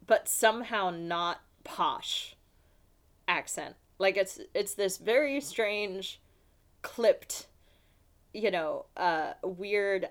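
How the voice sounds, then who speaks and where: A woman's voice: mid-range voice, animated, extremely slow. Casual female co-host, talkative, breaks into laughter, acts out lines. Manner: chatty, laughs often, acts out quotes. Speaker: podcast co-host. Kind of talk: casual chat recap.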